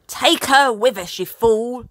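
A woman's voice: medium pitch, animated, unhurried, a bit bright, no room sound. A woman voicing a fierce, blustering male pirate captain who bellows and growls his orders in a children's storybook reading. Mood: bellowing.

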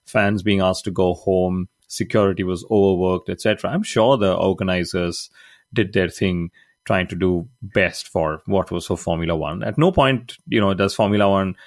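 A man co-hosting a motorsport podcast in a casual, chatty way, full of quick asides and jokes at his own expense. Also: low-pitched, no echo, clean studio sound. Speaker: podcast co-host. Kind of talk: casual chat.

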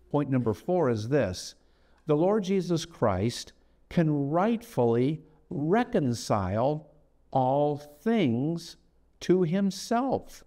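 A middle-aged man teaching in a sermon style, emphatic, repeating key phrases and slowing down to read scripture. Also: a little high, big pitch swings, dark tone. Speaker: guest speaker. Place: television studio.

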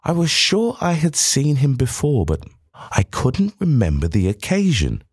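A man's voice: mid-range voice, sing-song, measured pace, slightly rough, no room sound, studio quality. A man giving scripted first-person narration in an audiobook, in a formal, old-fashioned storytelling manner.

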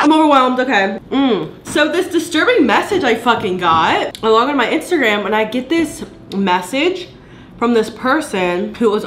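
A woman's voice: mid-range voice, a bit bright, echoey room, a little hiss or hum. A young woman from the Atlanta area chatting casually in a home vlog while eating, playful, laughing often and swearing freely. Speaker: vlogger.

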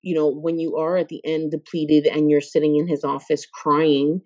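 A woman's voice: deep voice, little pitch movement, normal speed, a little mellow, no echo. A woman guest in a casual podcast interview who talks expressively, laughs often and acts out the voices she quotes. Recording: dull lo-fi sound.

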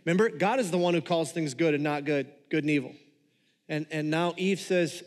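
A pastor delivering a sermon in a conversational manner, joking with the congregation. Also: male voice, fairly high pitch, fairly quick, big-room sound.

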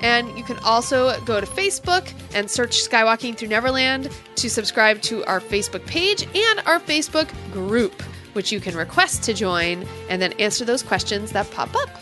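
A woman co-hosting a podcast, chatting casually and promoting the show in an upbeat way. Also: fairly high pitch. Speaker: podcast co-host.

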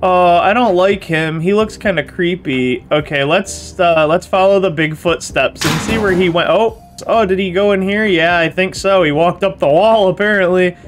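Young man, high voice, excitable let's-play commentary, playful, faint background music. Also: moderate pace, few pauses. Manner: excitable, playful, talks to viewers as "guys". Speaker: gaming YouTuber.

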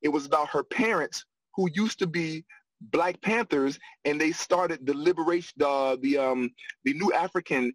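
Man, fairly high voice, animated storyteller, dry close recording. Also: moderate pace, dry recording, low-quality recording. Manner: animated, laughs often, repeats phrases. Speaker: guest, actor and acting coach. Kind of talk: storytelling in a casual interview.

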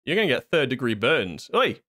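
A man's voice: medium pitch, very animated, brisk, a bit bright. A man jokes sarcastically and swears as he talks through a horror video game, laughing often. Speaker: gaming YouTuber. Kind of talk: horror game let's play commentary.

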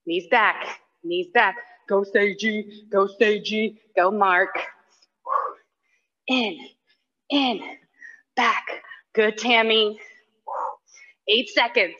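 Exercising along with her class, a woman fitness instructor breathes hard as she delivers brief cues, countdowns and cheers for people by name. Her medium-pitched voice is bright and forceful, extremely slow with long pauses, and a long reverb tail trails it through dull, lo-fi online class audio.

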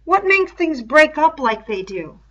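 A woman's voice: high voice, very animated, a little slow, a bit bright, voice pushed up, heavily acted. A woman voicing a troubled, earnest boy leader in a book read aloud, asking urgent questions in a raised voice. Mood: urgent puzzled. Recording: distant, dull lo-fi recording.

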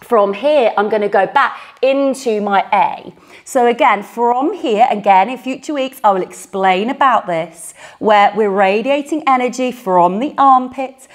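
A woman leading an at-home pilates class, counting reps and cueing moves while exercising, slightly out of breath, with a mic close to her mouth. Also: fairly high pitch. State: a little out of breath. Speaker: pilates instructor. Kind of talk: guided workout instruction. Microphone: microphone close to mouth.

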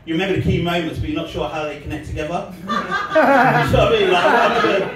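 A loud crowd surrounds a high-pitched, fast-talking man doing a rambling stand-up set and comedy vlog, laughing between his lines. The recording comes from a distant mic, echoey with a noisy background.

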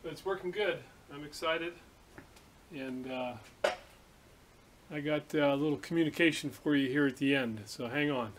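A man hosting a workshop video, chatting casually and telling a story in a relaxed, rambling way. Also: fairly high pitch, normal speed, long pauses. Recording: echoey room from a distance, hiss.

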